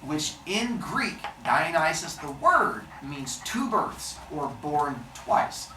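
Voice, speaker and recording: A male teacher retelling a myth to his class in a playful, wry, animated way. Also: on the high side, takes it slowly, a little hiss or hum. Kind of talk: classroom storytelling. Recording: echoey classroom, mic far off.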